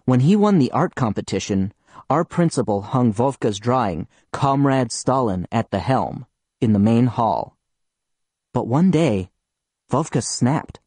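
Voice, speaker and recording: Guy narrating an audiobook first-person, earnest boyish telling, expressive pitch, dry close mic. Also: unhurried, no echo. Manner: earnest, reads as a schoolboy telling his story.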